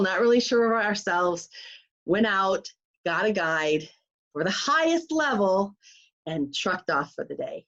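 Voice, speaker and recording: A woman life coach telling a personal story in an animated way, acting out the voices of others. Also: mid-range voice. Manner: animated, acts out quoted voices. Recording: slightly muffled recording.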